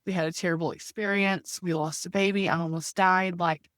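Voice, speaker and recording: A woman's voice: fairly low pitch, steady tone, fairly quick, fairly bright tone, no echo, clean studio sound. A woman in her thirties telling her story as a podcast guest, talking earnestly and filling her speech with "like" and "you know.". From United States. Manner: faith-centered. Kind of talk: conversational storytelling.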